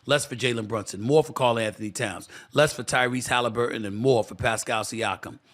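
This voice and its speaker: A man's voice: mid-range voice, brisk. A man hosting his own sports talk show, delivering an impassioned commentary monologue that repeats phrases for emphasis and addresses listeners as "y'all".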